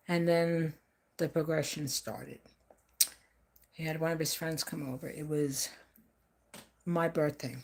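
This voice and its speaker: An older woman rambles through a live-stream monologue. She talks emphatically and circles back to repeat herself. Her voice sits on the low side for a woman. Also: darkish tone.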